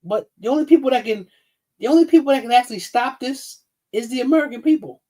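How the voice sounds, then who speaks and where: A man's voice: very high voice, animated, fast talker, warm tone. A man, ranting bluntly and profanely on a casual livestream. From New York City. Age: 50s. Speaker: livestream host.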